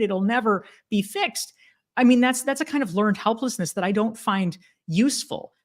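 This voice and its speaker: A woman in her forties speaking in a casual interview, animated and emphatic, with many fillers and restarts. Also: mid-range voice. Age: 40s. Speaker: podcast guest, author.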